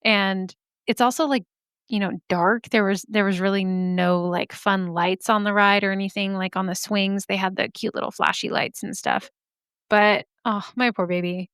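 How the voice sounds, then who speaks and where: A woman's voice: medium pitch, steady tone, moderate pace, a bit bright, clean tone, dry recording. Bubbly woman in her thirties, podcast host, chatty, a touch scratchy, dry close mic. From Arizona. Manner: bubbly, chatty, laughs often. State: slightly scratchy throat. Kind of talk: casual chat. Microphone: studio microphone.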